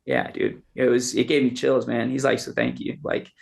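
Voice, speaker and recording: A man telling stories in a casual podcast chat, animated and loose, calling people "dude" and "man.". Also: mid-range voice, normal speed, gravelly. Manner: animated storyteller, says "dude" and "man" a lot. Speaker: podcast guest.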